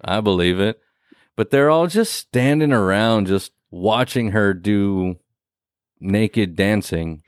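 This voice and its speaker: A man co-hosting a casual podcast, recapping a horror movie with lots of swearing and quick acted-out lines. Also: fairly low pitch, clear, resonant tone, no echo, clean studio sound. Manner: profane, animated, acts out movie characters in quick bursts. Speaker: podcast co-host.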